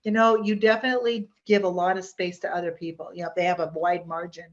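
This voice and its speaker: A woman's voice: on the low side, flat delivery, fast, highs cut off. Chatty woman teaching a hypnosis workshop. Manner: chatty, rambling, with many restarts and fillers.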